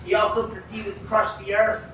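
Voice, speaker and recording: A man performing a comic spoken-word poem in a deadpan storytelling way at an indoor event. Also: sits high, a little fast, a little hiss or hum. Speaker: poet. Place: indoor food shop event. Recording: echoey room from far off.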